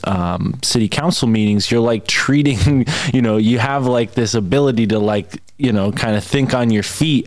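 A man's voice: on the low side, dry recording. A man hosting a podcast, chatting in an easygoing, rambling way. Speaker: podcast host. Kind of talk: casual podcast chat.

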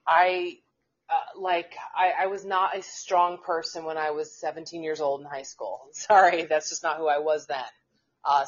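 A woman, a teacher co-hosting a casual podcast, talking in an outspoken, animated, profane way. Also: sits low. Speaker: co-host, teacher. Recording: dull lo-fi audio.

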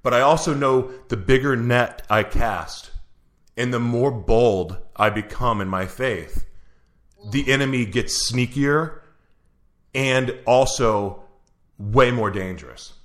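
A man's voice: medium pitch, slow, fairly bright tone. A man hosting an interview, asking earnest, searching questions with frequent restarts. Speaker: interview host. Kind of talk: conversational interview.

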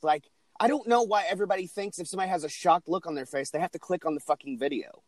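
A man's voice: high-pitched, fast, no room sound. Fired-up swearing male podcast host. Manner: ranting, heavy swearing. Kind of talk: casual chat.

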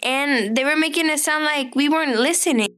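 Brief: high, bright-toned woman, rambling chatty guest storyteller. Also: a little fast. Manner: rambling storyteller, heavy use of "like". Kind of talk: casual chat.

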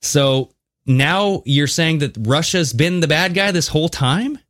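A man co-hosting a podcast in casual chat, talking in an animated, conspiratorial way as he reads out and reacts to news. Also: on the high side, measured pace, no room sound. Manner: animated, conspiratorial, mixes reading with jokes. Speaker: podcast co-host.

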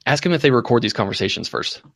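A man hosting a prank-call show, talking fast and teasing, with profanity. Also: mid-range voice, animated, creaky, a bit bright. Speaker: host. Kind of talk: casual chat.

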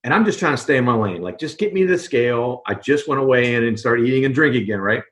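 A man's voice: mid-range voice, expressive, quick pace, a bit bright. A man in a casual interview, telling a story conversationally and checking in with "right?" and "you know". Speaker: podcast guest.

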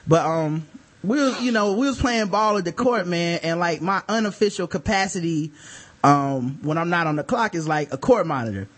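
A male podcast co-host with a fairly high voice at normal speed tells a story in casual chat. He's animated, laughs often and swears freely.

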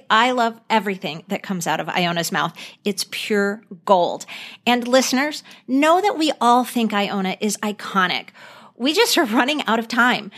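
A woman's voice: medium pitch, a bit bright, no echo, clean studio sound. A woman in her fifties co-hosting a podcast, chatting with enthusiasm and quoting lines. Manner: enthusiastic, quotes film lines in voices. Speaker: podcast co-host. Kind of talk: casual chat.

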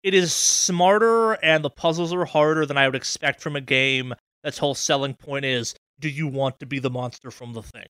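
Excitable guy on a podcast, bright punchy voice, dry close sound. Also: medium pitch, normal speed, few pauses, clear, resonant tone, no room sound. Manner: excitable, repeats words as he starts sentences. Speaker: podcast co-host. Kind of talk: casual chat.

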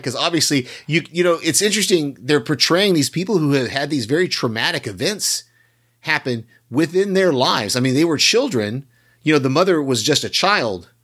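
A man's voice: mid-range voice, a bit bright, slightly rough. An American man co-hosting a podcast, chatting casually about a show he watched and rambling through restarts and hedges. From United States. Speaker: podcast co-host. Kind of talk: casual chat reviewing a show.

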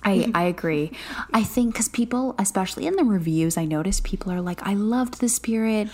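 A woman talks through a novel with her co-host in a loose, casual way. Her voice sits a little low, and she fills her sentences with fillers and false starts. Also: expressive, fairly quick. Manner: chatty, loose, full of fillers and restarts. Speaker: podcast co-host. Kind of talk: casual book discussion.

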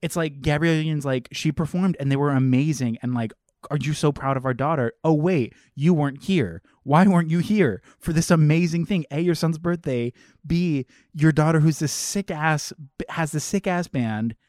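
A young man co-hosting a podcast in casual chat, animated, swearing freely and acting out quotes from a movie. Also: on the high side, moderate pace, no room sound, clean studio sound. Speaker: podcast co-host.

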